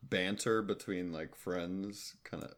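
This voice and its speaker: Laid-back low-voiced man. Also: steady tone, slow, fairly bright tone. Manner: laid-back, swears casually, hesitant with fillers. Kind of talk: casual chat about a movie.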